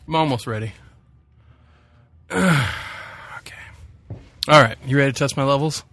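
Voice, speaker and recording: A man's voice: medium pitch, a little slow, pauses often, fairly bright tone. A man co-hosting a podcast, joking playfully through casual banter during a mic check. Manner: playful, jokey, reels off silly phrases. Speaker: podcast co-host.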